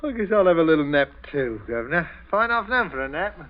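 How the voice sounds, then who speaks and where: An actor playing a cheerful, offhand young son, in 1940s radio drama acting. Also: male voice, fairly high pitch, sing-song, quick pace. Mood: breezy. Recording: dull, faintly hissy old radio broadcast.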